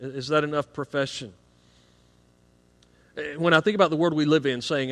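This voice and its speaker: A man's voice: mid-range voice, steady tone, moderate pace, a bit bright. A middle-aged man preaching a sermon as pastor of a church, earnest and building emphasis on key points, often repeating a word as he starts a phrase. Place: church sanctuary. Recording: long hall reverb.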